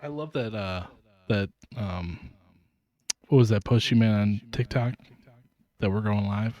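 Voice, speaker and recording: A man's voice: fairly low pitch, unhurried, a little mellow, lo-fi sound. A man co-hosting a podcast in laid-back, joking casual chat. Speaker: podcast co-host.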